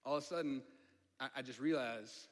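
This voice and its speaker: A man's voice: medium pitch, brisk. A man with a Southern accent, preaching a storytelling sermon in a conversational way, with asides to the audience. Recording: long hall reverb.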